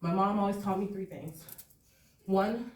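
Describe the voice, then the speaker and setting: Woman performer, lively live storytelling with frequent laughs; echoey venue, distant mic. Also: medium pitch, measured pace. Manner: lively, laughing often, conversational. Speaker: performance poet. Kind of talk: live spoken-word storytelling.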